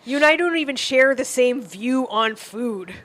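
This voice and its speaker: A fairly high-voiced woman co-hosting a comedy podcast. She talks bluntly, swearing freely and scolding her partner in jest, close on a studio mic. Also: lively intonation, moderate pace, a bit bright. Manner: blunt, profane, mock-scolding. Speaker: podcast co-host. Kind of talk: casual comedic podcast banter.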